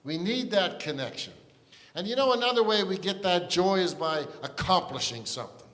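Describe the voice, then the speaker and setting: Male pastor, fairly high voice, chatty earnest sermon, long church reverb. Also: expressive, normal speed, a bit bright. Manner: conversational and earnest, with frequent restarts and asides. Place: church sanctuary.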